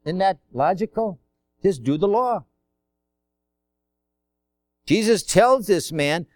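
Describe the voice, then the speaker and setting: A man's voice: high voice, expressive, slow, long pauses, no echo. A man preaching a sermon in a conversational way, asking rhetorical questions and acting out quotes.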